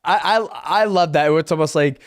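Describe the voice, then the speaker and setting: A man hosting a casual podcast, laughing easily and swearing in a relaxed way. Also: a little high, moderate pace. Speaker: podcast host.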